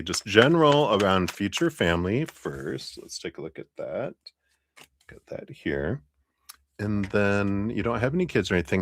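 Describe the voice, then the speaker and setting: A man's voice: sits low, a little hiss or hum. A man hosting a live-stream tarot reading, chatty and laughing often as he talks to viewers by name. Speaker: tarot reader.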